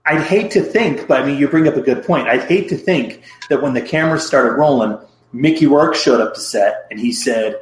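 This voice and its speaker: A man talks through a film review at a steady, measured pace, adding wry, hedging asides. His voice carries a noticeable echo from the room. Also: medium pitch. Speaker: podcast co-host. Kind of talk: casual film review chat.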